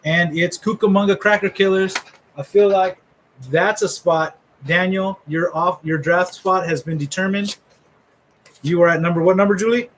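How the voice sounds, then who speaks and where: A man's voice: high-pitched, steady tone, normal speed, a bit bright, slight background noise, rough recording. A middle-aged man hosting a live fantasy football draft order reveal, rambling and joking with friends. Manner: joking, rambling trash talk. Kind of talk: casual live commentary.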